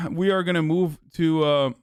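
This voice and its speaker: A man's voice: fairly high pitch, fairly even intonation, a little slow, darkish tone, smooth, no echo, studio quality. A man giving casual live-stream commentary, blunt and offhand and swearing freely, into a desk microphone. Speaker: livestreamer.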